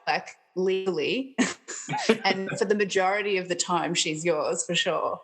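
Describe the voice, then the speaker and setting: A woman's voice: fairly low pitch, measured pace, soft background music. A woman, a school art teacher, chatting casually as a podcast guest, giggly and self-mocking. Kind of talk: casual chat.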